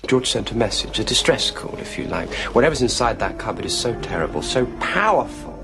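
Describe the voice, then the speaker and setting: An actor in a TV sci-fi series speaking urgently and intensely, explaining a threat. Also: male voice, mid-range voice, big pitch swings, brisk, vocal fry. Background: dramatic music score.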